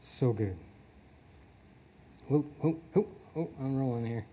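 A man's voice: medium pitch, slow, mellow, slight background noise. A man preaching a sermon in an earnest way, chuckling often and repeating his words.

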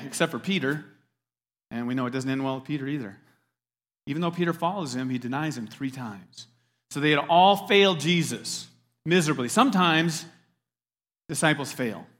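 A man's voice: medium pitch, a bit bright. A man preaching a sermon in a conversational, emphatic way, turning to the audience with questions. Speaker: pastor.

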